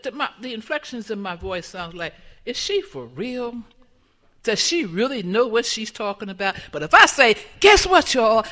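Woman, sermon, conversational, questions to congregation, bright voice. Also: a little high. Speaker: church speaker.

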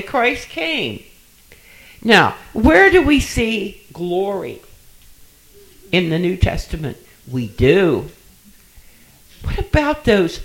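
Older male preacher, slow deliberate delivery, emphatic sermon style in church. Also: sits high, rough recording. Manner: slow, emphatic, dropping to soft asides.

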